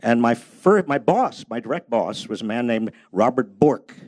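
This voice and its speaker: In a dry recording, a man's mid-range, darkish voice moves at normal speed with lively intonation. He's older, telling funny, self-deprecating stories about his book at a public library event.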